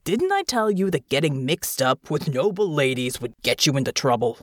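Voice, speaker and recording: A woman voicing a gruff, weary male bear-morph army captain in an audiobook, blunt and exasperated. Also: low voice, very animated, dry recording, studio quality. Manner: blunt, exasperated, slow drawl. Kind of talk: audiobook character voice.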